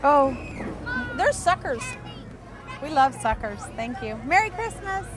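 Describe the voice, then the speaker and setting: A woman's voice: high-pitched, big pitch swings, measured pace, music in the background. A woman doing live TV commentary at an outdoor parade, chatty and playful. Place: outdoors at a street parade in the cold. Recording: outdoor parade with crowd noise.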